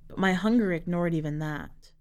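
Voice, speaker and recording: Measured woman reading dark fiction. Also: on the low side. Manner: measured, dramatic, dark storytelling. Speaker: podcast editor and reader. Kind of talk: audiobook-style fiction reading.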